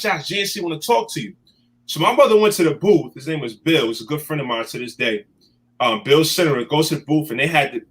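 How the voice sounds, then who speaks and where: A man in his thirties telling his life story in a casual chat, animated and emotional. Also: medium pitch. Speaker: guest.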